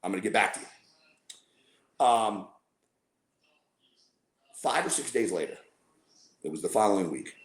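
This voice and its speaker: Speaking a little slowly with long pauses, a fairly low-pitched man stays animated as he guests on a podcast. He tells a long, rambling story full of fillers and acted-out quotes. The recording is echoey and roomy.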